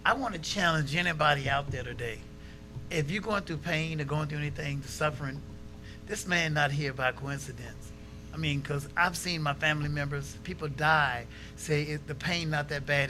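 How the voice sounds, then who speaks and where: A man hosts a local talk show in a bright, forceful voice that sits a little high. He tells stories with lively acted-out quotes. Music plays faintly under him. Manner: animated storytelling, acts out quotes. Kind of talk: casual talk show chat.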